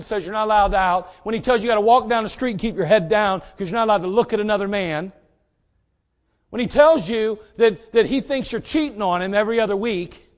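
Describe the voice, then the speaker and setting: A man preaching a sermon in a folksy, direct way, swinging between loud emphasis and quiet asides. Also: high-pitched.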